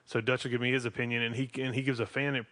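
A man's voice: mid-range voice, level tone, fast, bright, forceful tone. Rambling Southern man hosting a podcast. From North Carolina. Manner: rambling, restarts sentences often. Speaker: podcast host. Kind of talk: casual podcast chat.

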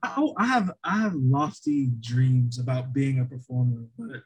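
Husky-voiced young man, rambling. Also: medium pitch, measured pace, rough recording. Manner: rambling, self-deprecating, full of restarts and fillers. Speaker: podcast co-host. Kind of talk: casual chat.

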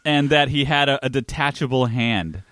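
A man's voice: medium pitch, normal speed, fairly bright tone, no echo. A man co-hosting a podcast, chatting casually and a bit rambling about an old TV show, laughing easily. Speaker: podcast co-host.

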